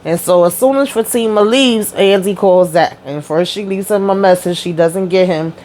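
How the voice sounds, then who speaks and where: A woman's voice: medium pitch, normal speed, darkish tone, rough recording. Chatty slangy woman recapping a show. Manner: chatty, slangy storytelling with mild cursing. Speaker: TV show reviewer. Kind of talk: casual recap chat.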